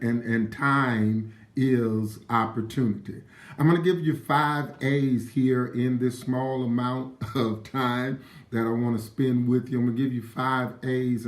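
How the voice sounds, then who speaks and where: A man's voice: mid-range voice, reverberant. Emphatic man preaching on a live stream. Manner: emphatic preacher-like cadence, greets viewers by name. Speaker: motivational live-stream host. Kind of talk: live-streamed motivational talk.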